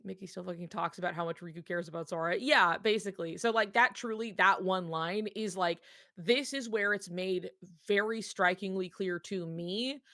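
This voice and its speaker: A woman co-hosting a casual fan discussion podcast, talking in a rambling, animated way with lots of filler words. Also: fairly low pitch, normal speed, dry recording, clean studio sound.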